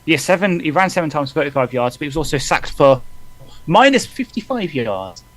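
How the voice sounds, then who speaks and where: Man, fan stream co-host, reads numbers off the screen, halting delivery. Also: fairly high pitch, noisy background. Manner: reads out stats, halting with fillers and restarts. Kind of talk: casual live watch-along chat.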